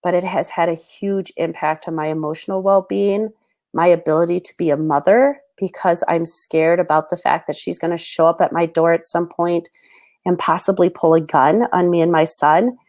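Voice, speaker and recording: A woman's voice: fairly low pitch, fairly even intonation, a little mellow. Earnest woman host, holding back tears. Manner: earnest, halting, many fillers. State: close to tears. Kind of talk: personal talk to camera.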